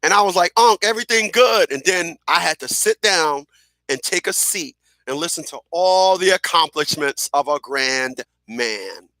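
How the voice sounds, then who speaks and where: A middle-aged man hosting a radio show, telling stories in a casual, animated way, repeating phrases and acting out what people said. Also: fairly high pitch, normal speed, no room sound, clean studio sound. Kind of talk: casual storytelling monologue.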